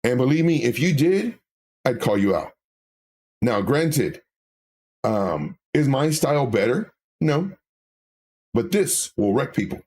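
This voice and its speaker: A man talks casually and candidly on a live stream, reading viewer comments aloud. His voice is slightly husky, with a pitch that swings up and down. He often restarts his sentences. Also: slow pace, pauses often. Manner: animated, candid, with filler words and self-corrections.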